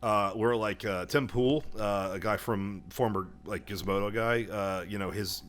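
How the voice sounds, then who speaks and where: A man's voice: lowish voice, steady tone, unhurried, a bit bright, slight background noise. A man co-hosting a podcast in casual chat, rambling through his points and swearing freely. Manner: rambling, restarts often. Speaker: podcast co-host.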